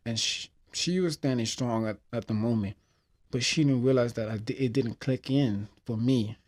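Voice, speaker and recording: A man's voice: mid-range voice, normal speed, darkish tone. Heartfelt hesitant man telling a sad story. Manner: heartfelt and hesitant, reflective about grief. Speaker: podcast host. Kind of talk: personal storytelling podcast.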